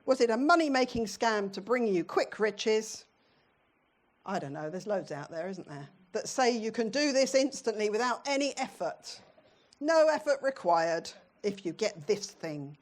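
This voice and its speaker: A woman's voice: a little high, very animated, a little slow. A middle-aged British woman preaching a sermon in a church, in a conversational way, often putting questions to her congregation.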